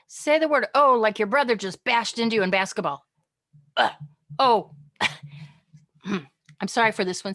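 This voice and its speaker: Chatty woman teaching an online class. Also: medium pitch. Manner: chatty, lively, acts out tones.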